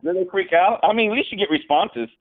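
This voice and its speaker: A man's voice: high voice, a little fast. A man joining a livestream remotely, chatting casually and insistently explaining his point. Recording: tinny phone-like line.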